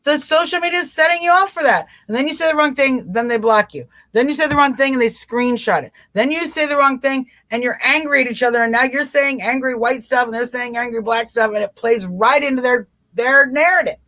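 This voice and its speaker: A woman hosting a live political talk stream, urging her viewers on with emphatic, repeated commands and quick mimicking asides. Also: high-pitched, pushed and bright. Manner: emphatic, repetitive exhortation straight to viewers. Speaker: live-stream show host.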